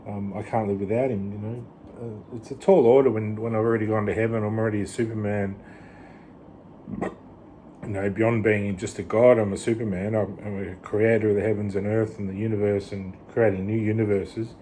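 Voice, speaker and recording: An Australian vlogger delivers a casual, rambling monologue, restarting sentences and slipping in "you know". His low, mellow voice is flat at a moderate pace, with faint background noise underneath.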